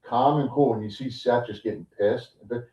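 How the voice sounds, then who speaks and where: A man co-hosting a casual podcast, telling a story in a loose, animated way full of fillers. He sits back from the mic in a roomy space, so the sound is dull and reverberant. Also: mid-range voice, moderate pace, far from the mic. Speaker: podcast co-host. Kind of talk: casual chat, recapping a wrestling show.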